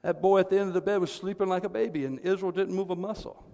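Fervent male pastor, high voice, long church-hall reverb, a storytelling sermon. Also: fairly even intonation, fast talker, creaky, slight background noise. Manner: impassioned storytelling, building to fervent shouting. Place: church sanctuary.

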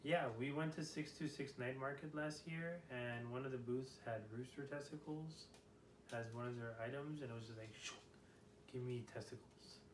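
A young man answering interview questions casually, with joking deadpan quips. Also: medium pitch, moderate pace, far from the mic, a little hiss or hum. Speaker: interviewee, dancer. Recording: roomy and off-mic.

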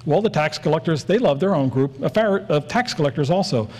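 A man's voice: on the high side, lively intonation, a little fast, darkish tone. A man in his forties preaching a sermon in an earnest, storytelling way, leaning on repeated phrases.

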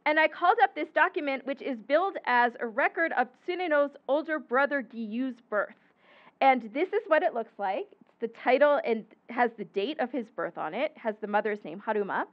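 A woman's voice: sits high, lively intonation, moderate pace. A woman historian giving an explanatory book lecture about her research, with occasional ums and self-corrections. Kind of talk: academic lecture with slides. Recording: muffled lecture recording.

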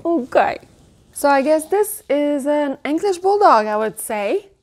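Woman, thirties, slow gushing home vlogger with a slightly high voice. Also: sing-song, a little mellow. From Canada. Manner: gushing, coos in a high baby voice at her dog and cute mugs. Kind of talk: casual show-and-tell haul.

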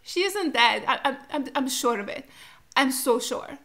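A woman's voice: sits high, lively intonation, measured pace, fairly bright tone. A young woman reacting to a show while crying, distraught and pleading in disbelief, swearing now and then. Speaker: reaction video host. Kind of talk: emotional reaction commentary.

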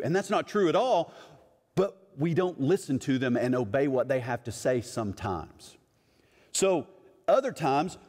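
Pastor preaching in a reverberant hall. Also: male voice, a little high, a little mellow. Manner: conversational, acts out voices of others in his stories. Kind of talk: sermon.

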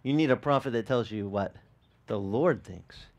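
Male pastor, mid-pitched, chatty animated sermon with audience questions and repeated restarts. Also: moderate pace, dull audio. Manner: animated, asks the congregation questions. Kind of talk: conversational sermon.

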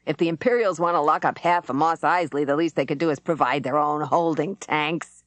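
A woman's voice: deep voice, brisk, no room sound, lightly acted. A woman reading an audiobook, voicing a surly male prison guard who growls his lines. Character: gruff middle-aged male prison guard.

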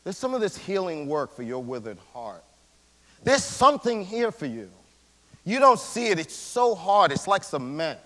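A male pastor with a high voice delivers a sermon in a casual, slangy manner. His pitch leaps and falls as he swings from loud emphasis to hushed near-whispers. A long church-hall reverb trails each phrase. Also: sing-song, moderate pace. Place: church sanctuary.

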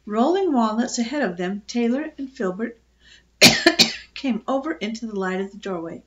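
An older woman reading a children's chapter book aloud in a gentle, expressive way. Her fairly high voice rises and falls with plenty of life. The recording sounds muffled and lo-fi. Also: moderate pace. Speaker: storyteller.

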